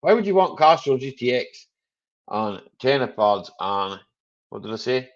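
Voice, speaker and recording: A man's voice: mid-range voice, sing-song, unhurried. Male stream host, easygoing drawl, rambling jokes, muffled home-stream sound. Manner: jokey and rambling, chuckling often. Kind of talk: casual live chat.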